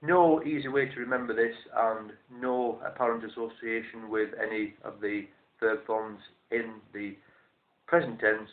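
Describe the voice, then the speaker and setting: A man teaching a language lesson, explaining step by step in a measured, methodical way and repeating each form slowly. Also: on the low side, steady tone. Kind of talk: instructional explanation. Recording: roomy, tinny phone-like sound.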